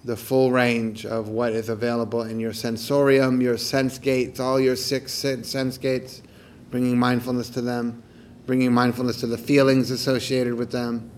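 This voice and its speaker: A man who teaches meditation, guiding a mindfulness practice outdoors in a calm, gentle, unhurried way with soft, repeated questions. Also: mid-range voice, slight background noise. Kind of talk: guided meditation talk. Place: outdoors on a morning walk.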